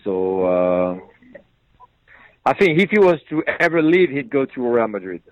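Uomo esitante che parla di calcio, audio cupo. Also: male voice, mid-range voice, big pitch swings, a little slow, no echo, highs cut off. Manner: hesitant, many fillers and restarts. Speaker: football pundit. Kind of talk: casual sports chat.

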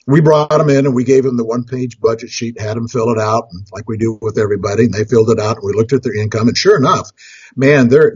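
A very husky, breathy man talks about budgeting as a financial counselor. He rambles, restarts his phrases and chuckles along with his own stories. The recording is dry and close, with a dull lo-fi sound. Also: mid-range voice, darkish tone, dry recording. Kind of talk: storytelling talk on budgeting.

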